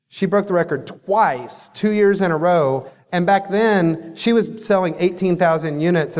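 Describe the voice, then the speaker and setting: A man delivers a motivational keynote as a company leader. He tells the story in an animated way and acts out the dialogue, in a voice a little higher than most men's. The sound carries a long hall echo. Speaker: company CEO giving a keynote. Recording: echoey hall reverb.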